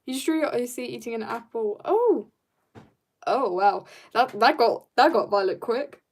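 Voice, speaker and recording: Her fairly high voice moves at a moderate pace as she livestreams her drawing. She reads chat and talks casually with her viewers, bubbly and laughing a lot.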